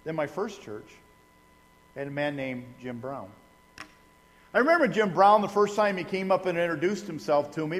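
In a church sanctuary with a long, echoing reverb, a middle-aged Indiana pastor shares personal stories during his sermon. His high voice is very animated at a normal speed and fairly bright, folksy and conversational, with humorous asides to the congregation.

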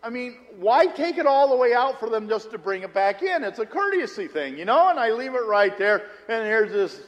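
High-voiced preacher man in a reverberant hall. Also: very animated, moderate pace. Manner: conversational preaching with personal stories. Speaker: pastor. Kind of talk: sermon.

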